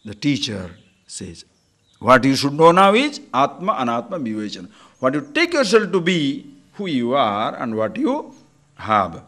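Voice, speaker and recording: A man's voice: mid-range voice, wildly swooping pitch, unhurried, bright, forceful tone. An older man giving a spiritual lecture, teasing and acting out little scenes. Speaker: spiritual teacher.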